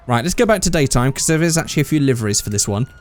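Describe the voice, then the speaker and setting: A man's voice: medium pitch, lively intonation, rapid-fire, faint music behind. A man giving casual, rambling gameplay commentary as a channel host, thinking aloud as he goes.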